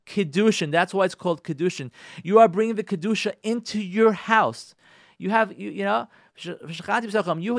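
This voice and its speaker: A rabbi hosting a radio talk show, speaking on Torah and marriage and repeating key phrases for emphasis. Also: male voice, high-pitched, normal speed, vocal fry, no room sound, clean studio sound.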